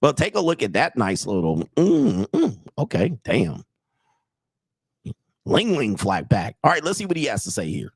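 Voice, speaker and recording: A man's voice: fairly low pitch, very animated, normal speed, long pauses, breathy edge, dry recording. Brash dry-voiced male commentator. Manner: brash, blunt and mocking, talks straight to viewers. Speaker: dating coach and commentator. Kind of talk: casual reaction commentary.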